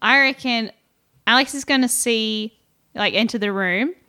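A woman co-hosting a casual comedy podcast, chatty and quick to laugh. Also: on the high side, sharp tone. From Australia. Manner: chatty, laughs often, uses slang. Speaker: podcast co-host.

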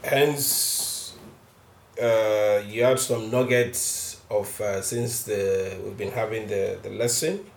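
A man leading a church group discussion, prompting others in a halting way with fillers. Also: on the low side, steady tone, vocal fry. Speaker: group leader. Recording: echoey room.

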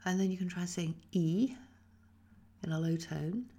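An English woman guiding a Feldenkrais lesson, speaking slowly and softly with many whispered phrases, her voice tired after a weekend of talking. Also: on the low side. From England. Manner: slow, soft-spoken guiding with frequent whispered phrases. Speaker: Feldenkrais teacher. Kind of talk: guided movement lesson.

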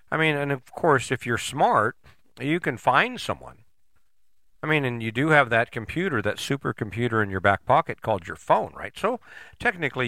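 A man's voice: mid-range voice, sharp tone, dry recording, studio quality. A middle-aged man giving a casual, rambling motivational monologue as a podcast host, folksy and casually swearing.

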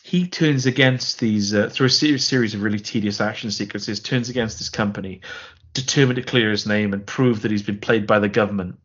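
A man's voice: on the low side, brisk, a bit bright, dull audio. A man co-hosting a podcast, rambling sarcastically through a film plot and interrupting himself. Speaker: podcast co-host. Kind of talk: casual film-review chat.

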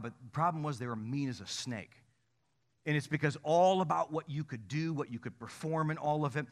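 A pastor preaching a sermon to his church, animated, with sudden loud peaks and quick asides. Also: fairly high pitch.

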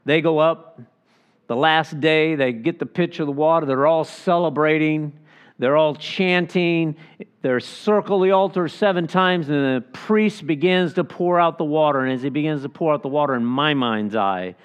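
Man teaching scripture with a lively voice. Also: fairly high pitch, moderate pace, clear, resonant tone. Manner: reflective, stops to picture the scene aloud. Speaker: pastor. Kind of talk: expository Bible teaching.

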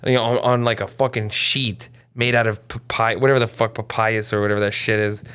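A man, a comedian guest, telling animated stories in casual chat, swearing freely. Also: on the low side, clear, resonant tone. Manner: animated, swearing, fast storytelling.

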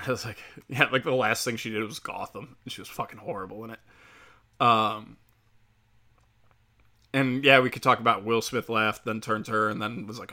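A man's voice: lowish voice, fairly even intonation, moderate pace, bright, forceful tone. A man delivering a heated, profane opinion rant, rambling with fillers as he talks.

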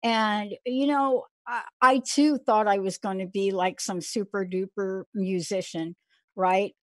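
A woman's voice: medium pitch, fairly even intonation, measured pace, a bit bright, dry recording. A woman from the Bronx hosting an interview, affirming and encouraging her guest and sharing her own experiences. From the Bronx, New York. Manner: affirming, enthusiastic listener. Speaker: interview host. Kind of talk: conversational interview.

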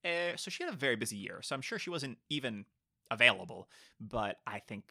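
Bright-voiced man chatting about films. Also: mid-range voice, sing-song, a little fast, creaky. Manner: chatty, playful, puts on silly voices for jokes. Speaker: podcast co-host. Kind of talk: casual film discussion.

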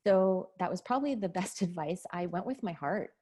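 A woman's voice: fairly low pitch, animated, a little fast, warm tone, breathy edge. A woman in her forties, a nurse and podcast guest, telling her story candidly and with feeling in a casual interview. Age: 40s. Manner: candid, emotional, laughs often.

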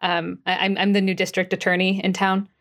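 A woman voicing a nervous, stammering woman district attorney in her forties in a tabletop role-play, her speech halting and flustered. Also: mid-range voice, monotone, a bit bright, natural voice.

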